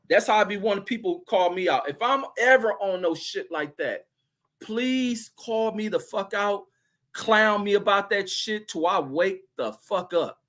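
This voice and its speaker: A man's voice: on the high side, a bit bright. Crude, rambling man ranting to chat. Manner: loose, crude storytelling, reads chat comments aloud. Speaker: livestream host reading chat. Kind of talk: casual profane livestream rant.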